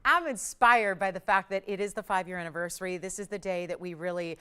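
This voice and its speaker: A woman hosting a live TV jewelry shopping show, pitching pieces with upbeat enthusiasm and quick asides. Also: sharp tone, clean tone. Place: TV studio.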